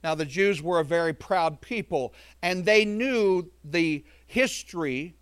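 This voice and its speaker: A man's voice: high voice, a bit bright, no echo. A man preaching a verse-by-verse sermon, earnest and emphatic, breaking off into conversational asides.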